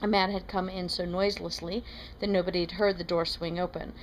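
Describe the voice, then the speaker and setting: Woman reader, slightly low, steady read-aloud, faint hiss. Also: fairly quick, low-quality recording. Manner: steady, plain reading with small self-corrections. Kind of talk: reading a novel aloud.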